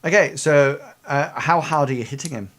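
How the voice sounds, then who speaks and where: A man's voice: on the high side, moderate pace, a bit bright. A young man narrating a tabletop game as game master, hesitant and full of fillers and restarts.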